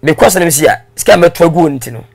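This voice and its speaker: A man with a gravelly, slightly rough voice talks through his story as an interview guest. He tells it in a lively, casual way, laughing along and mixing in English phrases. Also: fairly high pitch, very fast, a crowd in the background.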